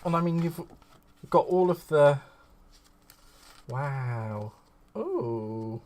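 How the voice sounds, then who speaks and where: A man's voice: on the high side, animated, very slow, darkish tone. Chatty man gushing over crafts. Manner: gushing, rambling, greets viewers fondly. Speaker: craft livestream host. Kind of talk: chatty live crafting stream.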